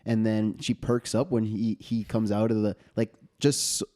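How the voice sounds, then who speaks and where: A man co-hosting a relaxed film podcast, his voice on the low side and mellow in tone. He works through his points thoughtfully, often restarting a phrase mid-sentence. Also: moderate pace. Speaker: podcast co-host. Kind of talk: casual chat about a film.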